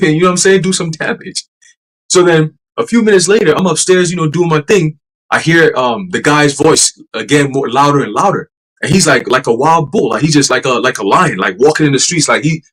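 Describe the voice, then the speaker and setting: Man with a slightly high voice, profane and emphatic casual preaching. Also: husky, low-quality recording.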